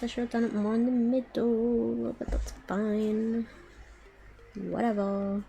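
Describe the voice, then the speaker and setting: A woman's voice: on the high side, flat delivery, takes it slowly, gravelly, warm tone, a little hiss or hum. A woman streamer chatting casually to her viewers while she crafts, muttering to herself with playful baby-talk words.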